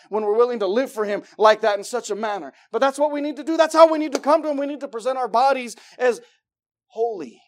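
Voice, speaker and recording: A man preaching with a fairly high voice. He swings between shouting excitement and near-whispered intensity. He acts out little voices to make his point as he reads and explains scripture. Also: fast. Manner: acts out voices of God and believers. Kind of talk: sermon.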